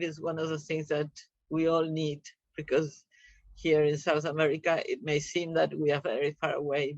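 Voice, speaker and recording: A woman speaks over a video call, unhurried and steady, her pitch barely moving. She pauses often, earnest and measured. The sound is dull and lo-fi but dry, with no room around it. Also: dry recording. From Uruguay. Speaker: guest speaker. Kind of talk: prayerful address.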